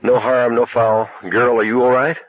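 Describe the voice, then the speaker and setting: A man's voice: medium pitch, flat delivery, moderate pace, voice pushed up, lightly acted. A man voicing a shaken young male hitchhiker who talks in a casual, blunt way. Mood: reassuring. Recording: tinny narrow-band recording.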